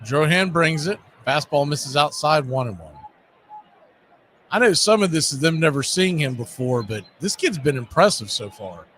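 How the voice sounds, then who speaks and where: A man with a bright, forceful, slightly higher voice calls a baseball game pitch by pitch. He keeps it relaxed and conversational and fills the gaps between pitches with chatty asides. A faint hiss of noise sits under his voice. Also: moderate pace. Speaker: play-by-play announcer. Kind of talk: live baseball play-by-play commentary.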